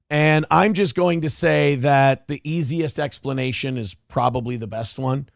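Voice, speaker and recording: A man's voice: fairly high pitch, gravelly, no echo, studio quality. A man hosting a casual commentary show, sarcastic, crude and rambling as he talks. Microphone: wears headphones.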